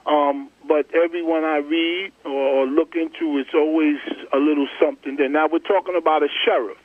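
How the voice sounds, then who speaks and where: A man's voice: on the high side, fairly even intonation, moderate pace, dry recording. A man hosting a casual talk show, loose and joking, often restarting his sentences. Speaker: podcast host. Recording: tinny phone-line sound.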